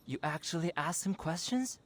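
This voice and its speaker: A man's voice: fairly high pitch, lively intonation, normal speed. A man voicing a worried young companion, speaking in an alarmed, scolding way.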